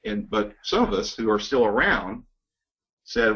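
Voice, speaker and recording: A loan officer talking business in a relaxed chat, reflective and measured. His voice sits low. The recording is dull and lo-fi.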